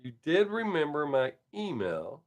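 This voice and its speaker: A man's voice: on the high side, sing-song, a little slow. An older man, chatting casually on his live stream from home and telling stories bluntly, with plenty of swearing. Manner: profane, blunt storytelling.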